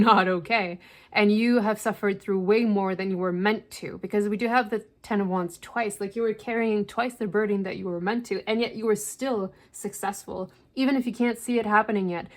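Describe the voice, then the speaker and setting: Chatty woman giving a tarot reading. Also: medium pitch. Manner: chatty, reassuring, with filler "like". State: slightly out of breath. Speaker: tarot reader. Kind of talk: casual spiritual tarot reading.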